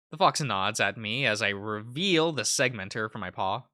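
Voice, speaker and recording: A man's voice: lowish voice, animated, normal speed, pushed and bright. A man hosting a let's play, reading a visual novel aloud in a casual way with fillers.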